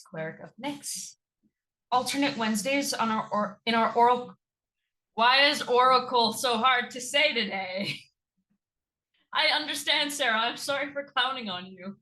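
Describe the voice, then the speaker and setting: A woman's voice: fairly high pitch, bright, forceful tone, rough recording. A woman giving a teasing, giggly introduction as a tabletop player on a stream.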